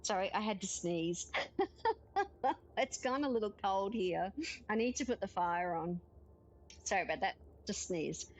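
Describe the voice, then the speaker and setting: A woman gaming streamer with a medium-pitched voice plays through a game in a casual let's-play, speaking unhurriedly with long pauses. She giggles often and reads game text aloud, and the recording quality is low.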